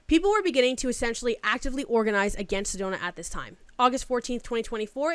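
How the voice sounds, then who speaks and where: Woman narrating commentary, crisp and dry. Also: on the high side, fairly bright tone, dry recording. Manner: casual, summarizing with fillers like "like". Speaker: commentary video host.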